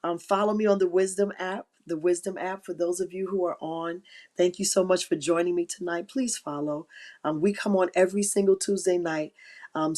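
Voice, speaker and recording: A woman's voice: mid-range voice, a little mellow. A middle-aged woman hosting a faith-based live stream, giving heartfelt, encouraging talk that repeats key phrases and sits close to tears. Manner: emotional, near tears. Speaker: livestream host.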